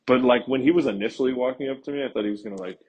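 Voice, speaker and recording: A man's voice: medium pitch, very fast, darkish tone, slightly rough. A young man, telling a rambling, profane story in a casual podcast monologue. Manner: rambling, profane, laid-back. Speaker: podcast host.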